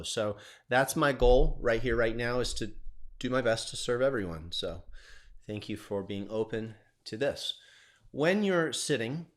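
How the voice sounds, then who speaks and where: A man teaches a qigong lesson on a live stream. His voice sits at an ordinary middle pitch. He explains things patiently and guides the movements step by step. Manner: calm, explanatory, guiding step by step. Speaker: qigong instructor.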